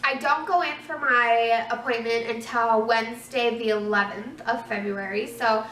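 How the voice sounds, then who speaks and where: Bright, chatty young woman vlogging. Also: a little high, fairly even intonation, normal speed, slight background noise. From Minnesota, USA. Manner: chatty, rambling, many fillers and restarts. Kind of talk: casual pregnancy update vlog. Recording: echoey room, mic some distance away.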